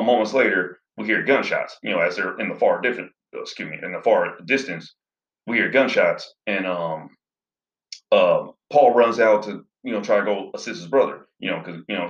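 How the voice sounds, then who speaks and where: A movie reviewer with a low, slightly bright voice casually recaps a film's plot, rambling and leaning heavily on fillers. The recording sounds roomy and a little dull.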